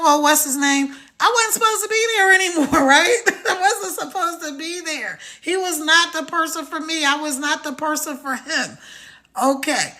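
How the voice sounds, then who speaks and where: A middle-aged woman hosting a live stream, giving an energetic, motivational pitch straight to her viewers. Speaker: live-stream host promoting a program.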